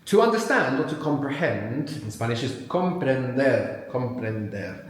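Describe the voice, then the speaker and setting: A man's voice: medium pitch, sing-song, measured pace. A man teaching at a live workshop, patiently asking learners questions and walking them through each step. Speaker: language teacher. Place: large live venue with audience. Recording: very echoey hall.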